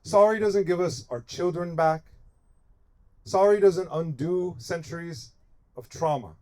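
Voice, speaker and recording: At a measured pace, a fairly high-pitched and slightly mellow voice carries an American activist's impassioned address to a protest encampment. He builds his argument through emphatic repetition, leaning on a repetitive rhetorical rhythm.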